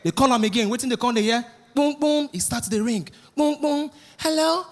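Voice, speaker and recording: A man with a Nigerian accent doing a lively stand-up routine, acting out the voices of the people he mocks. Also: very high-pitched, fast. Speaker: stand-up comedian. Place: live stage.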